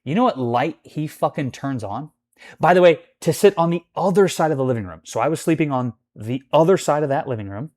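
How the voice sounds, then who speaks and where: A vlogger with a fairly high, darkish male voice talks quickly and with animation. He's doing a casual storytime rant about his roommate, rambling and swearing, packed with "like" and other filler words.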